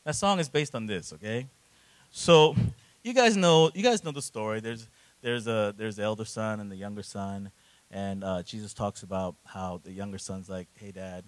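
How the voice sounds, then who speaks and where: Animated, lively male preacher. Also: medium pitch, no echo, low-quality recording. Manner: animated, rising to shouts at peaks; talks straight to the congregation with frequent "right?". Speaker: guest pastor. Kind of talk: sermon.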